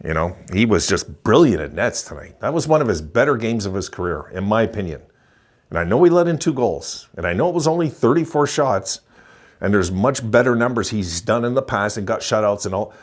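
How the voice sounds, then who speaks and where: A man in his sixties giving an excited, chuckling postgame rant as a hockey vlogger, repeating himself for emphasis. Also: fairly low pitch, fairly quick. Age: 60s. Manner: gleeful, chuckling, emphatic repetition.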